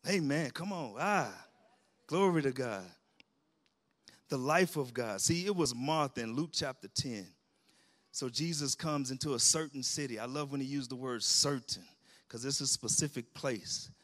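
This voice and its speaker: A middle-aged man preaching a sermon in a church, lively and colloquial, laughing with the congregation and calling out amens. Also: medium pitch, moderate pace. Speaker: pastor. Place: church sanctuary.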